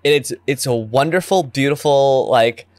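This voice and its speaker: A man co-hosting a casual podcast chat about tabletop games. He is excitable, rambles, and often restarts his sentences. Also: mid-range voice, normal speed, no room sound. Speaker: podcast co-host.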